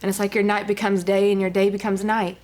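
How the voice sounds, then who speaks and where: A woman's voice: medium pitch, level tone, fast talker, darkish tone. A woman, a guest giving an earnest personal testimony with many fillers. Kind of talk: personal testimony on a talk show.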